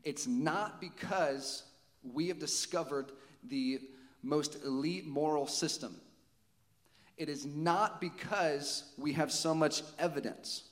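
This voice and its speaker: A man's voice: a little high, slow, big-room sound. A man preaching a sermon to his congregation, conversational, with frequent rhetorical questions. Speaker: pastor.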